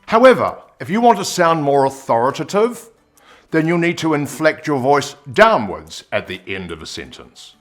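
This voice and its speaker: Lively New man coaching presenters. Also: normal speed, soft background music. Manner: expressive, demonstrates pitch and pace changes. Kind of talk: on-camera presenting lesson.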